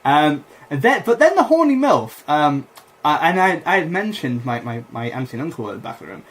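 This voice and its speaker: A man's voice: on the high side, big pitch swings, brisk. A young man, a comedian and podcast co-host, telling a rambling story with lots of fillers and laughter in casual chat.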